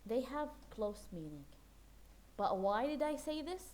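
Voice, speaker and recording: A woman's voice: on the high side, sing-song, measured pace, darkish tone, a little hiss or hum. A woman teaching an English class, explaining words patiently, repeating them and checking that the class follows along in a classroom. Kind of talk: classroom English lesson mixing Arabic and English.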